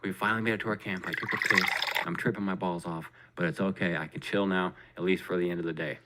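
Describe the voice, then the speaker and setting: A man's voice: deep voice, fast talker, very noisy. A man hosting a podcast, telling a story in casual chat, swearing constantly and acting out his own reactions. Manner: profane, animated, acts out his own reactions. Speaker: podcast host.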